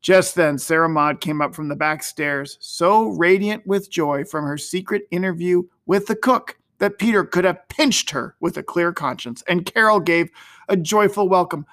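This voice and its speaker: A man narrating an old-fashioned storybook in an expressive, gently dramatic way. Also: sits high, normal speed.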